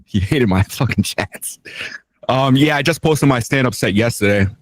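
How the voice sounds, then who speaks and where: A man's voice: mid-range voice, normal speed. A man guesting on a podcast, laid-back and self-mocking, laughing at himself as he talks. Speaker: podcast guest, beginner stand-up comic. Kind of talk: casual podcast banter.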